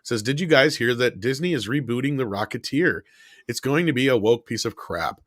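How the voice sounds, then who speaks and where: A man's voice: mid-range voice, animated, normal speed, a bit bright, dry recording, studio quality. A man co-hosting a casual livestream, wry and cursing, reading out viewer messages. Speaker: co-host.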